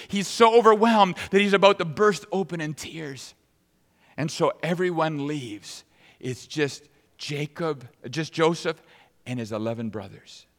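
Male pastor telling a bible story all dramatic, bright sharp voice, echoey church. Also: on the high side. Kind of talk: sermon. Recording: long reverb of a large hall.

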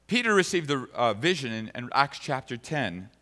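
A man's voice: medium pitch, very animated, moderate pace, bright, forceful tone. A man preaching a sermon and reading scripture aloud, an emphatic speaker who repeats phrases for stress, heard in a church sanctuary. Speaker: pastor. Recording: long reverb of a large hall.

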